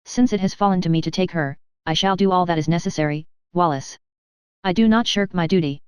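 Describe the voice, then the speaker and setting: A woman's voice: fairly low pitch, brisk, clean tone, no room sound, close to an everyday voice. A woman voicing a stern, proud, cold aunt in a storybook, curt and commanding.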